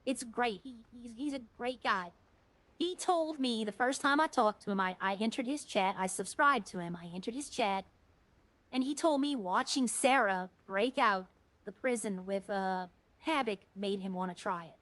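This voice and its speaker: A woman's voice: fairly high pitch, expressive, moderate pace, a bit bright, no echo, rough recording. A woman streamer chatting casually while playing a game, rambling and earnest, often restarting her sentences.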